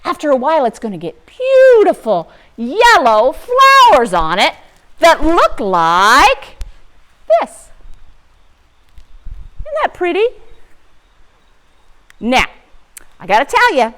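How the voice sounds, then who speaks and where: Animated sing-song woman teaching kids. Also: high voice, slow, pauses often. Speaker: farm teacher for children. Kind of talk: children's lesson. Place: barn.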